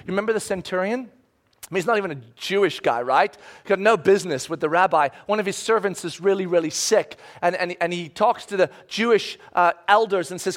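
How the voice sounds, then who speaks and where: A man preaching a sermon with passion, acting out the voices of people in his stories and swinging between loud bursts and hushed lines. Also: sits high, animated, a little fast. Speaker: pastor.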